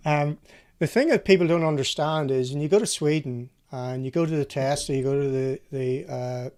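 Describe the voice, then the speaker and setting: Brief: male host, slightly higher voice, wry chatty interviewer. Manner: chatty, steering questions, wry. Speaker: podcast host. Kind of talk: casual interview chat.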